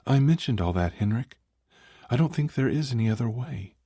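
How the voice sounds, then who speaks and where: A man's voice: mid-range voice, animated, normal speed, dark tone, breathy edge, no room sound, studio quality, voice pushed up. A man voicing a tired, worried woman who speaks with a wobbly voice in an audiobook. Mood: weary. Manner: wobbly, weary. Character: tired worried woman, his old friend.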